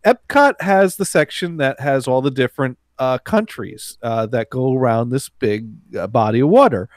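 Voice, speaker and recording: A man's voice: mid-range voice, animated, moderate pace, dry recording, studio quality. A man telling a rambling anecdote to friends, with many fillers, restarts and laughs. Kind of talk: casual anecdote among friends.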